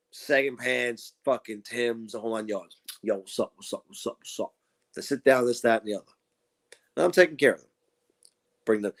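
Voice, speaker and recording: A man co-hosting a podcast, telling crude stories in casual chat, swearing freely and mimicking the people he quotes. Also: medium pitch. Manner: profane, animated storytelling with mocking quoted voices. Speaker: podcast co-host.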